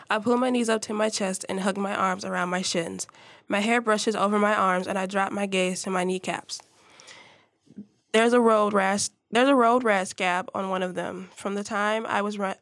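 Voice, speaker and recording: A woman's voice: mid-range voice, a bit bright, no room sound. A young woman reads her own unfinished short story aloud, stumbling over words and correcting herself along the way. Her voice sits in a middle range, and the sound is dry and close-miked. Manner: reads with frequent slips and self-corrections.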